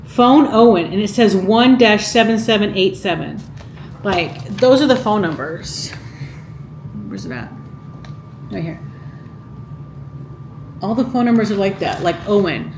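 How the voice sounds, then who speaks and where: A woman chats unhurriedly while she reads through an old cookbook, stopping to wonder aloud and to ask her viewers questions. Her voice sits at a middle pitch and carries some room echo. A faint hiss of background noise runs under it. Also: expressive, a little slow, long pauses, a little mellow. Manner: chatty, muses aloud and asks viewers questions. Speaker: cooking vlogger. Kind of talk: casual vlog, reading from a vintage cookbook.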